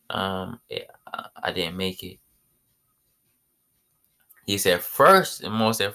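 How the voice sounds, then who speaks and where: Rich: a man with a deep, forceful voice rambles through an invented anime story. He talks in loose slang and restarts his sentences often. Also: lively intonation, slow, long pauses, clear, resonant tone.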